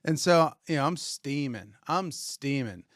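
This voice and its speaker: Slightly slow and on the high side, this man's voice belongs to a retailer co-hosting a podcast, who spins a story and performs the lines people said to him with animated flair. The sound is clean studio audio without echo.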